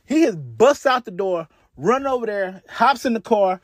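A man's voice: high voice, lively intonation, normal speed, no echo. A man hosting a podcast, retelling a crime story in a casual, profane way with lots of restarts and asides, on a close mic. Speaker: podcast host.

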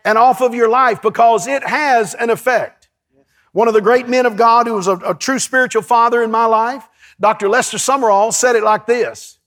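A male pastor, preaching a lively sermon in a church and calling out to his congregation. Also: very high-pitched, moderate pace. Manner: lively, storytelling, calls to the congregation.

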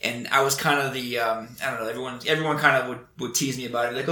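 A man's voice: mid-range voice, very fast, hardly any pauses, sharp tone, roomy sound. A man in casual conversation, telling earnest stories about training recruits, with frequent restarts. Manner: earnest, storytelling, many restarts. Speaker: Air Force instructor.

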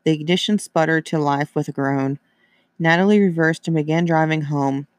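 Male story narrator, even and steady, slightly high voice, dead-dry sound. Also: normal speed, dry recording.

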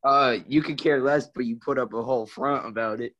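A male podcast guest in loose banter. He teases constantly and cracks crude jokes. His voice is mid-pitched and relaxed. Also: fairly quick, rough recording. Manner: teasing, crude, joking.

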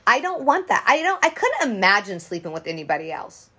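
A woman's voice: medium pitch, very animated, brisk, bright, forceful tone, slightly rough. A woman in her thirties co-hosting a podcast, talking frankly and profanely in a rambling casual chat full of restarts. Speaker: podcast co-host.

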